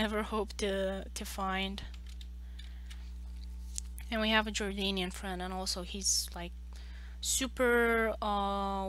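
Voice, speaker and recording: Drawing on a live stream, a young woman from Romania rambles through casual chat, restarting often and leaning on "like" as a filler. She has a mid-range, sharp voice with a little hiss or hum behind it.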